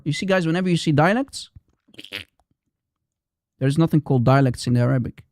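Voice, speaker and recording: A man's voice: fairly high pitch, fairly quick, pauses often, a little mellow, no echo, clean studio sound. A man hosting a live stream, arguing in a combative, repetitive way and firing challenges at his audience. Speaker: livestream host. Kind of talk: heated live-stream polemic.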